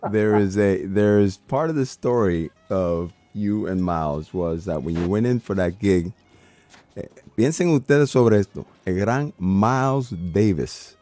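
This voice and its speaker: A man hosting a radio interview, speaking in a measured way and at times turning to address listeners in Spanish. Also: lowish voice, warm tone, dry recording. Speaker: radio host. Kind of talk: interviewing a guest.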